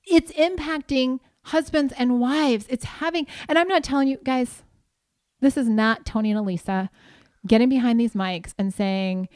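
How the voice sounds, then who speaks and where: A middle-aged woman co-hosting a talk podcast, telling personal stories in a candid, animated way. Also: high-pitched, moderate pace, dry recording, studio quality. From Southern California. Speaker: podcast co-host. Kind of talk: casual chat.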